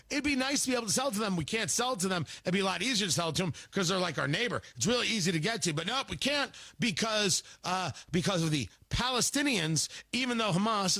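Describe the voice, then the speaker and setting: A male radio talk show host giving political commentary, animated and sarcastic, acting out mocking voices. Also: high voice, no room sound.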